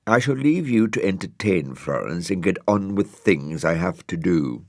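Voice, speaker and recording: A man's voice: low voice, lively intonation, moderate pace, darkish tone, dry recording, studio quality. A man voicing a vain, fussy male dog with a pompous, huffy manner in a storybook reading. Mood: haughty.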